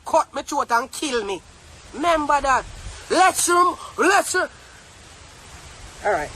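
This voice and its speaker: A young Jamaican woman with a Jamaican accent, ranting defiantly to camera in a heated, profane monologue and often breaking into shouts. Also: high voice, slight background noise, low-quality recording. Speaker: vlogger. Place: inside a car.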